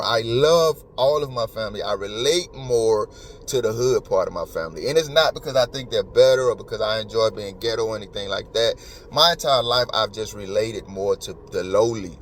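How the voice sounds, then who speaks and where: A man's voice: fairly low pitch, slight background noise. A man hosting a podcast, talking in an emotional, emphatic and rambling way. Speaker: podcast host. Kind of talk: casual commentary.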